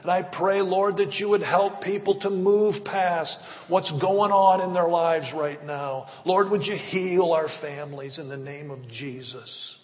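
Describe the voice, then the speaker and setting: A high-pitched man delivers a sermon with prayer as a pastor in a church hall, at a measured pace with hardly any pauses. His fervent, rhythmic style is full of repeated appeals, captured in a dull, echoing church recording.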